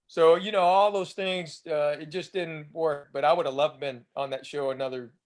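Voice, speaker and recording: A man's voice: a little high, steady tone, normal speed. A man in his fifties from East Tennessee with a Southern accent, telling chatty anecdotes as a guest comedian and enunciating his drawl. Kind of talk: casual storytelling interview.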